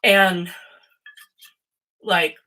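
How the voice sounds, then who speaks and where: Chatty woman doing a tarot livestream, bright voice, rambles off topic, swears a lot. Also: on the low side, fairly even intonation, very slow, low-quality recording. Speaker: host and tarot reader. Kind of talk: casual livestream chat.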